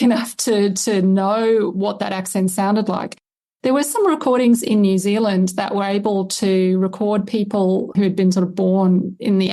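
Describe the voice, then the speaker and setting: Woman, Australian accent, interview guest, explanatory, mid pitch. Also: darkish tone. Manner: thoughtful, explanatory, hedging with fillers. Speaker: historian and lexicographer guest. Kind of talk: conversational interview.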